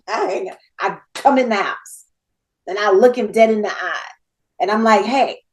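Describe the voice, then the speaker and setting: A woman in her fifties, a podcast guest, telling a story in a lively, laughing way and acting out the dialogue. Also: medium pitch, measured pace, low-quality recording. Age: 50s. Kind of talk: casual storytelling.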